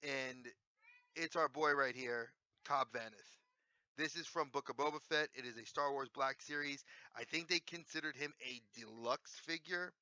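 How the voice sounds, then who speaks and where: Man, 40s, toy-review host: sharp, very bright tone, enthusiastic and rambling, dry lo-fi sound. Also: mid-range voice, moderate pace, smooth, no room sound. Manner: enthusiastic, rambling with self-corrections. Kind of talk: casual review chat. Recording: dry, slightly dull lo-fi sound.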